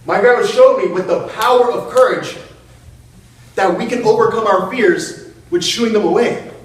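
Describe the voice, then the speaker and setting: A man's voice: high voice, moderate pace. A man giving a storytelling motivational speech in a hall, playful and self-mocking, and he laughs often. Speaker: public speaker. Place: hall with an audience. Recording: echoey hall, mic far off.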